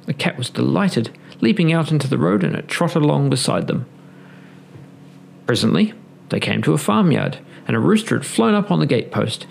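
A man with a gravelly voice reading a fairy tale aloud in an expressive storybook style. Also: mid-range voice, a little fast.

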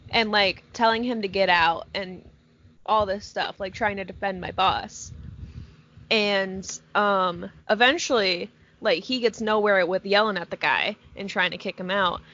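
A woman's voice: mid-range voice, a little slow, sharp tone. A young woman co-hosting a podcast, telling a work story in a laid-back, casual way, swearing often and laughing a lot. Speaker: podcast co-host. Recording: dull lo-fi sound.

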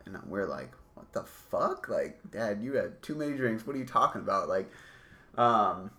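A man's voice: on the low side, very animated, normal speed, bright, forceful tone. A man telling a rambling, swear-filled story in a casual chat. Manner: rambling, swears a lot, many likes and rights.

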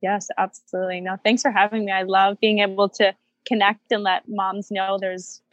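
A woman guest on a podcast, a nutrition coach, chatting casually with lots of fillers and hesitations. Her voice is close and dry on the mic, at an ordinary mid pitch. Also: flat delivery, normal speed, no echo, lo-fi sound. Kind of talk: casual interview chat.

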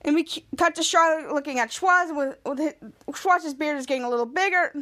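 Woman podcaster doing a loose tv recap, high voice, keeps restarting and acting out lines. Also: a little fast, fairly bright tone. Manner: rambling retelling with many restarts, acting out lines. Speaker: podcast host. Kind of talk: casual episode recap.

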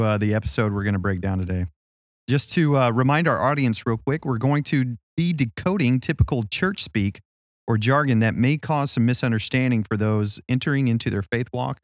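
A man co-hosting a church podcast with a middle-pitched voice, teasing his partner in a playful way. His voice sounds close and dry, as if right on the mic. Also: no room sound. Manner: joking, teasing, with fillers. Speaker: senior adult pastor and podcast co-host. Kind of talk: casual podcast chat.

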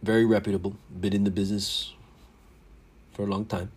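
A man's voice: fairly low pitch, level tone, a little fast, a little mellow, husky. A man hosting a casual solo podcast, rambling and joking with frequent swearing. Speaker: podcast host.

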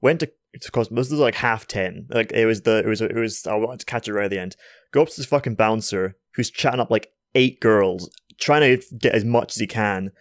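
A man's voice: fairly low pitch, fairly quick, no room sound, clean studio sound. Swearing, rambling podcast host man. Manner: swears a lot, rambling anecdotes with restarts. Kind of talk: casual chat and storytelling. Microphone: podcast microphone.

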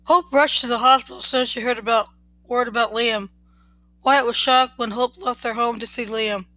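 A woman's voice: a little high, fairly even intonation, normal speed, a bit bright, no room sound, rough recording. A woman reading a serial romance story aloud, plainly, with small slips and restarts. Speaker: podcast storyteller.

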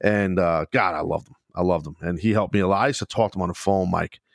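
Low-voiced, profane male storyteller. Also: fast, gravelly, dry recording, studio quality. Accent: New York. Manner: profane, animated storytelling with laughs. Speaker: podcast host, former wrestler. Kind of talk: casual storytelling chat.

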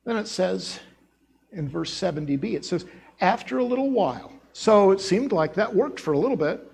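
A man with a Midwest accent preaching a sermon in a church, telling the story with lively acted-out voices and accents. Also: high voice, normal speed, gravelly, slightly rough. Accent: American Midwest. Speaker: pastor. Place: church sanctuary.

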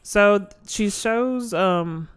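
A woman's voice: medium pitch, drawn-out words, clear, resonant tone. A woman co-hosting a podcast, chatting casually about a movie and acting out lines from it. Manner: animated, acts out quotes, laughs often. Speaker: podcast co-host. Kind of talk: casual chat recapping a movie.

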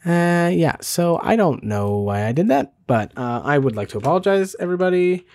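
A man hosting a casual solo podcast, rambling with many fillers and restarts, self-deprecating and talking fast. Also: on the high side, sing-song, darkish tone. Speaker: podcast host.

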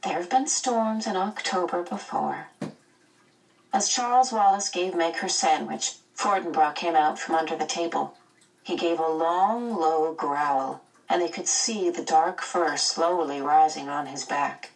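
A woman narrating a children's novel aloud in a measured, expressive way. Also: sits low, recorded from a distance, poor audio. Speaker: audiobook narrator. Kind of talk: storybook narration.

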